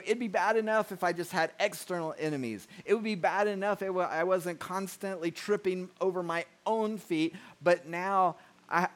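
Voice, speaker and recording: Man, pastor, sermon, earnest, conversational, mid-pitched voice. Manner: earnest, conversational preaching, slowing down to read scripture softly.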